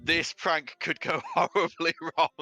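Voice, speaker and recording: Game master, man, bright tone, hedging rambling narration. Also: on the high side, fairly even intonation, a little slow, dry recording.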